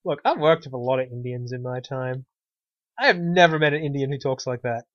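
A man's voice: mid-range voice, fairly quick, no echo. Wry man co-hosting, dull dry sound. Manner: wry, sarcastic, trails off and restarts. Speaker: podcast co-host. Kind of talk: casual chat. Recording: dull, dry lo-fi podcast audio.

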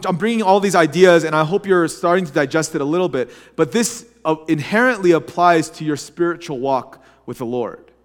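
A man's voice: high-pitched, a bit bright, big-room sound. A man preaching a sermon as a pastor in a church, talking in a conversational way with frequent restarts and small acted asides. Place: church sanctuary.

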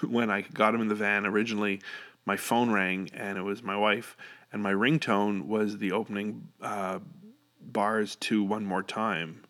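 A man's voice: lowish voice, level tone, measured pace, a bit bright. A middle-aged man telling stories in a casual, rambling monologue, swearing freely and full of fillers and restarts. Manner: rambling, profane and enthusiastic, many fillers.

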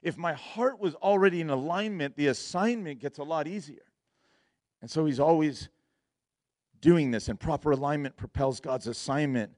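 A man's voice: a little high, normal speed, a little mellow, dry recording, studio quality. A young man telling a personal story in a sermon, casual and slangy, laughing often and acting out his own lines. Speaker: preacher.

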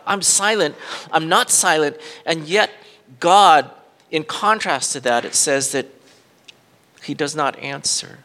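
Earnest, bright-voiced male pastor preaching. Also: a little high, slow. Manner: earnest, with many fillers and restarts. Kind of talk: sermon with scripture reading.

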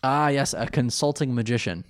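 A man co-hosting a casual podcast chat, recapping an anime episode with animated, laughing delivery. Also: mid-range voice, normal speed. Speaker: podcast co-host.

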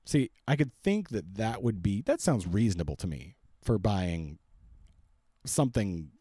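A man's voice: on the low side, very animated, a little slow, dark tone, husky, no echo, studio quality. A man co-hosting a podcast, talking bluntly with profanity and jokes. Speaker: podcast co-host. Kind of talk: casual chat.

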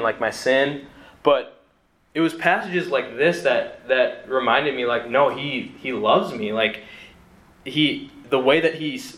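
A man's voice: mid-range voice, fairly bright tone. Young man giving a casual sermon in an echoey room. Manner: conversational, frequent "like" and repeated restarts. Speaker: seminary student giving a talk. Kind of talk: casual sermon talk with scripture reading. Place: room with a group of listeners. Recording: roomy echo.

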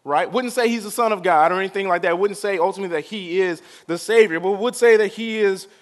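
A male pastor preaching a sermon, drawing out the crowd with call-and-response and swinging from quiet to loud. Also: high voice, fast talker.

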